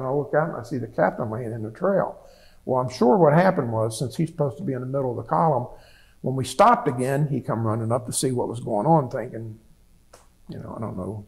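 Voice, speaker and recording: A man's voice: medium pitch, creaky, darkish tone, poor audio. A man in his seventies, a veteran giving an oral history interview, telling his story plainly with frequent restarts and repeated words. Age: 70s.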